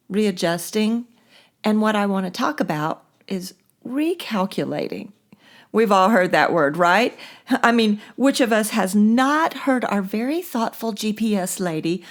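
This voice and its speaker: A middle-aged woman hosting a casual monologue, chatty and lively, laughing often as she tells stories. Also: mid-range voice. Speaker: podcast host.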